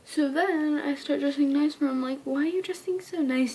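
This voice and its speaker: A high-pitched young woman telling a rambling storytime to camera. She keeps dropping into hushed whispers and jumping to squeals when she quotes herself. A faint hiss sits behind her voice. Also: fairly even intonation, normal speed. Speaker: vlogger. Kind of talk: casual storytime.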